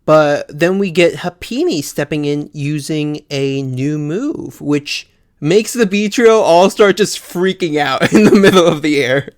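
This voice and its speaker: A man's voice: on the high side, expressive, measured pace. A man co-hosting a podcast, chatting casually through an episode recap with frequent laughs and many fillers. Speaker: podcast co-host.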